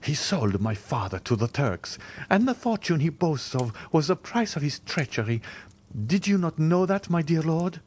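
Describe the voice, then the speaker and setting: A man's voice: medium pitch, animated, unhurried, dark tone, slight background noise, voice pushed up, natural voice. A man voicing a frail but fiery young woman in an audiobook, passionate and urgent.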